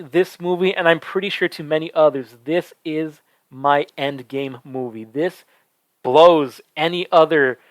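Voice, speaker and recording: Male reviewer, slightly raised pitch, eager and breathless, close dry mic. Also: no echo, low-quality recording. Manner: enthusiastic, breathless with excitement. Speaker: film reviewer. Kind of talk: excited spoken movie review. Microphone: close microphone.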